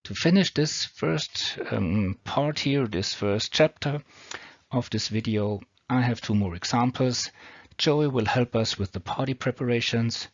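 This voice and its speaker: A man with a mid-range voice and a non-native accent teaches English grammar over slides, explaining patiently step by step at an unhurried pace. There is no room sound, and the homemade audio is dull and lo-fi.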